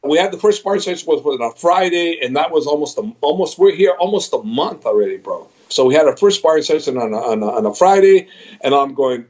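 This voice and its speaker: A man's voice: a little high, fairly quick. Guy in his middle years telling a long story over a video call, keeps quoting himself, audio a bit muffled. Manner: animated retelling, quoting his own reactions, repeats words. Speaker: MMA head trainer, podcast guest.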